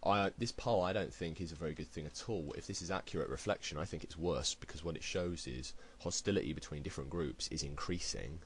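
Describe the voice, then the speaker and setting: A man's voice: a bass voice, fairly quick, few pauses, a little hiss or hum, poor audio. A British man delivering a heated, blunt opinion rant to camera, swearing freely. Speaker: video blogger. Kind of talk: ranting opinion commentary.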